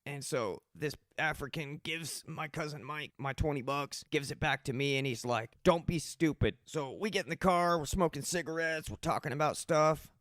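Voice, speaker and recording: A man's voice: on the high side, moderate pace, few pauses, fairly bright tone, no room sound, clean studio sound. A man in his thirties hosting a personal storytelling podcast, talking casually with rambling, profane asides. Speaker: podcast host.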